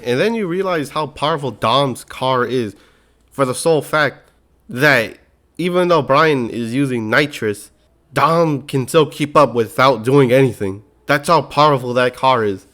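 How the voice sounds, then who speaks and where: A young man casually recapping a movie in slangy, animated storytelling, acting out characters' lines as he goes. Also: mid-range voice.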